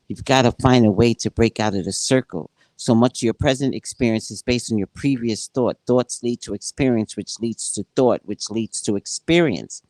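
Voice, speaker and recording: A woman who works as a psychic, reading from a spiritual book and commenting on it, acting out dialogue like an animated storyteller. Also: very deep voice, no echo.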